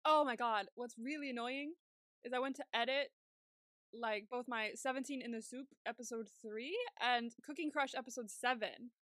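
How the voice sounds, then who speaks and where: Bright chatty young woman podcaster. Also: on the high side, normal speed, no echo, studio quality. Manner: chatty, laughs often, acts out her own reactions. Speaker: podcast co-host. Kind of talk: casual chat.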